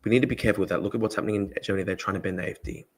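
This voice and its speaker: Australian man, livestream host, rapid-fire, emphatic and profane. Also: on the low side, steady tone. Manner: emphatic, profane, repeats himself. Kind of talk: casual political livestream talk.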